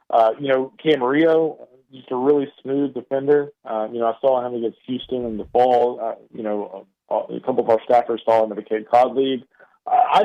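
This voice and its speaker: A man with an East Texas drawl calls in as a baseball analyst and talks through his picks in a loose, rambling way, with plenty of fillers and restarts. His mid-range voice comes through a thin, tinny phone line. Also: medium pitch. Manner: loose, filler-heavy talk with many restarts. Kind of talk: radio interview commentary. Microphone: phone call into studio.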